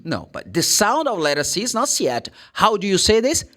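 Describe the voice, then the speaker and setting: A Brazilian-accented man teaching English letter sounds, his pitch swinging up and down. He draws out each sound slowly to demonstrate it, then voices his students' questions himself. His speech is that of a native Portuguese speaker. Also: huge pitch swings, fairly bright tone. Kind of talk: pronunciation lesson.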